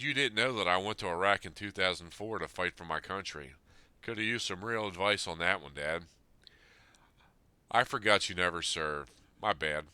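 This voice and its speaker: Deep, sharp-toned man in his fifties. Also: clean tone, no room sound. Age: 50s. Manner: earnest, plain-spoken, reflective. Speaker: podcast host. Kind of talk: reading a personal letter aloud, then reflective talk.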